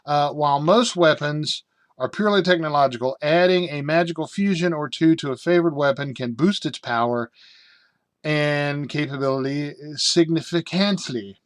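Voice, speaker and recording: Reviewing a tabletop game book in a loose, casual way, a middle-aged American man rambles, leans on fillers and tosses in jokes that amuse himself. His voice is a little high and moves at a normal speed, recorded with no room sound.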